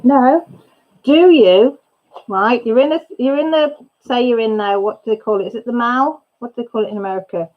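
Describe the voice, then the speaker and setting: On a lo-fi recording, a crafting channel host with a fairly high voice speaks at a moderate pace. She streams casually from home, rambling and chatty, with many thoughts left unfinished as she interrupts herself.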